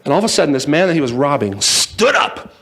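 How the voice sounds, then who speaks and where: Brief: a man as speaker telling a joking story, lively and playful. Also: a little high, quick pace. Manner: playful, acts out voices, jokes with the audience. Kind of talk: humorous storytelling talk. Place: in front of a live audience.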